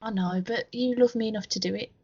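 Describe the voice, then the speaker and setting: A woman's voice: fairly high pitch, fairly even intonation, fast talker, muffled recording, a loud crowd. A woman co-hosting a casual podcast chat, giggly and self-deprecating, with a sweary streak. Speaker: co-host.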